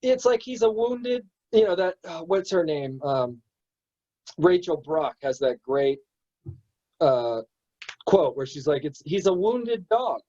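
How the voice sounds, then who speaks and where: A man's voice: on the high side, animated, takes it slowly, pauses often, mellow. A man teaching in a casual spiritual discussion, talking emphatically and bluntly with swearing, and acting out little scenes, over a lo-fi internet stream. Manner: emphatic, profane, acts out examples. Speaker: meditation teacher. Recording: dull lo-fi audio.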